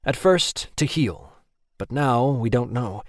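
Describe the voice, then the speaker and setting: A man's voice: mid-range voice, lively intonation, no room sound, clean studio sound. A man voicing a pompous male warlock leader who speaks in a stiff, formal way. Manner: stiff, measured, self-important.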